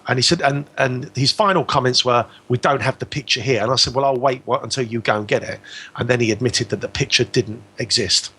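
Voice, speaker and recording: A man's voice: mid-range voice, brisk, sharp tone, husky. A man telling a personal story as a guest on a radio talk show, acting out both sides of the exchange.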